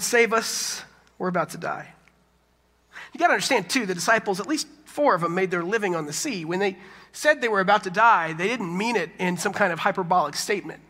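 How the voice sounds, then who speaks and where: Pastor guy in his 30s preaching, high bright voice, big echoey hall. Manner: animated preaching with quick asides and acted quotes. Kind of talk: sermon. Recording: reverberant hall.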